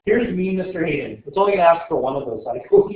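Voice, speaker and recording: A man's voice: sits high, lively intonation, fast. A male teacher running a casual exam review, joking and quizzing his students as he rambles. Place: classroom. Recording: echoey classroom on tinny lo-fi audio.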